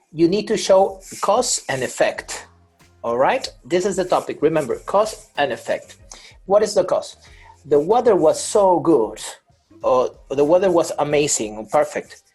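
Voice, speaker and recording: A man's voice: fairly high pitch, sing-song, unhurried, a little mellow, husky, soft background music, low-quality recording. A man teaching an online English grammar class over a video call, patient, repeating and rephrasing with many fillers.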